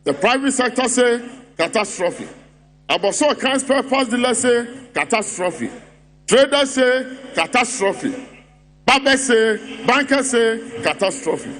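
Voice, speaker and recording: High-voiced Ghanaian man giving a rally speech. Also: lively intonation, unhurried, a bit bright. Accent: Ghanaian English. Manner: rhetorical, repetitive, mocking. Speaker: political speaker at party congress.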